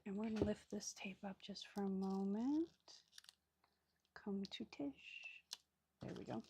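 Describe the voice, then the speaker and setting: A woman's voice: medium pitch, a little fast, noisy background. A woman hosting a casual crafting video, chatty and self-mocking, often dropping to a murmur as she works. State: hiccups. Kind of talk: casual craft tutorial chat. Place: craft table indoors.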